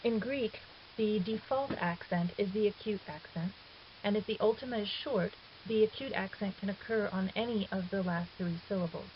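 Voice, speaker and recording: A woman calmly explaining a grammar lesson as a recorded teacher, patient and step by step, now and then correcting herself. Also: mid-range voice, normal speed. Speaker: Greek teacher. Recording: dull hissy lo-fi 2009 recording.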